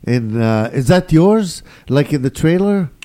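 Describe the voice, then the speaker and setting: Lively, hesitant male host. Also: fairly high pitch, a little slow. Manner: agreeable, hesitant questions. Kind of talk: casual interview chat.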